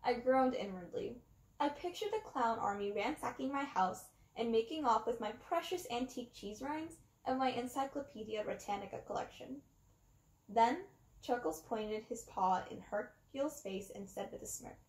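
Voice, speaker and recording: A woman reading a children's book aloud, with expressive, dramatic pauses. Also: a little high. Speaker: reader. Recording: roomy echo.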